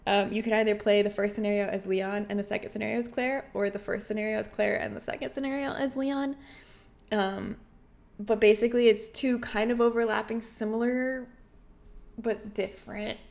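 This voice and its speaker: A woman's voice: medium pitch, steady tone, moderate pace, gravelly, a little mellow. A woman game streamer chatting casually and playfully with her viewers, often giggling. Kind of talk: casual livestream chat with viewers.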